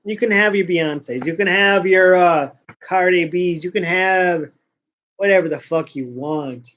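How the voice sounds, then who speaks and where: A man's voice: high-pitched, measured pace, fairly bright tone. A man hosting a casual talk show, ranting and rambling with lots of swearing. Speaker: podcast host. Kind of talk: casual rant. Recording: dull lo-fi sound.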